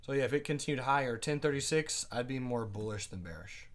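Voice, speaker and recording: A man teaching a live day trading class, chatting casually, asking his viewers quick questions and reading out their comments. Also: mid-range voice. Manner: asks quick questions to the audience.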